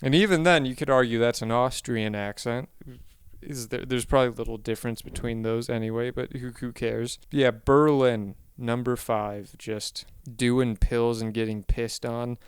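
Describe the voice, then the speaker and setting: A man delivering a rambling comedic monologue, often stopping to correct himself, with deadpan asides. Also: medium pitch, moderate pace, clear, resonant tone, no room sound.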